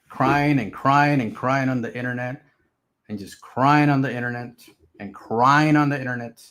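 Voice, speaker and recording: A man giving casual, emphatic market commentary on his stream, repeating his points. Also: mid-range voice. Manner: emphatic, repetitive, animated swings in loudness. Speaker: crypto streamer.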